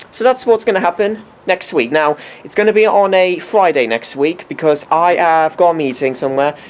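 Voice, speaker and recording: A man's voice: fairly high pitch, slight background noise. A man presenting a homemade weather forecast in a put-on American accent, rambling and often restarting and correcting himself mid-sentence.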